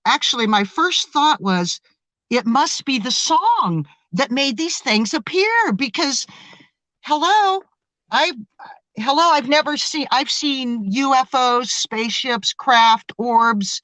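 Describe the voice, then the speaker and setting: A woman guest telling a story in a casual interview, animated and excitable, often restarting and stammering. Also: on the high side, dry recording, low-quality recording.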